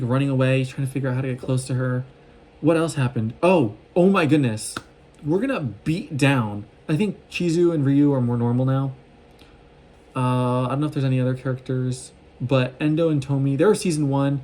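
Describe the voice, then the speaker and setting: A man talking fast in a casual, excited recap vlog, rambling with lots of fillers and restarts, recorded on a phone. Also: medium pitch. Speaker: vlogger recapping a show.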